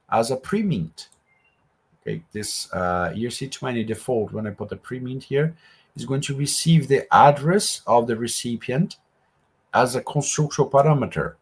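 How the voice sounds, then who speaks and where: A man's voice: medium pitch, slightly rough. A man teaching a live coding workshop, explaining each step in a conversational way with asides. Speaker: workshop instructor.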